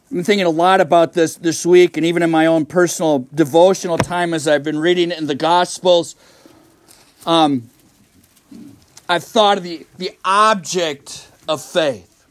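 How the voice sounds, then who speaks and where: Male pastor, conversational sermon in a church, high voice, mic set back. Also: fairly even intonation, a little slow, distant mic. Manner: conversational, asks the congregation questions. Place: church sanctuary.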